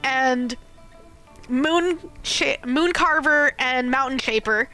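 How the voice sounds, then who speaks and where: Bright, high-pitched woman streamer. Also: slow pace. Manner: animated, laughs often, swears casually. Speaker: game streamer. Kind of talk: casual recap of a game story. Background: faint game music.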